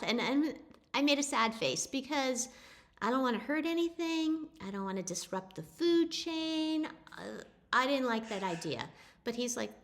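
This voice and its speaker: A middle-aged woman telling an animal story in a casual, animated way, often restarting her sentences. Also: sits high, normal speed. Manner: chatty, animated, with frequent restarts.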